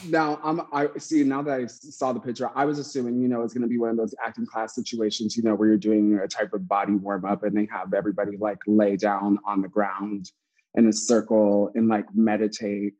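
A man co-hosting a casual chat, bantering quickly, laughing often and tossing in playful asides. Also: lowish voice, little pitch movement, darkish tone, highs cut off.

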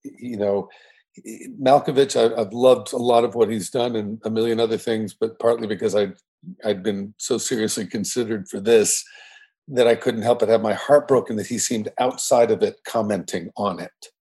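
An older man guest in a casual interview, reflective and theatrical in manner, with a husky voice. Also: on the low side, fairly even intonation, moderate pace, mellow. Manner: reflective, theatrical, slips into a mock Southern drawl. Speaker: guest actor.

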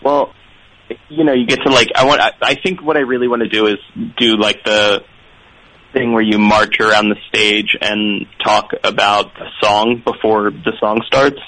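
A man from Philadelphia calls in to a radio show. He talks in a low-key, hesitant way and often stumbles over his first words. His voice is fairly low and sounds dry and close. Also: fairly even intonation, normal speed, sharp tone, no room sound, poor audio. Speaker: caller. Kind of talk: phone call-in chat.

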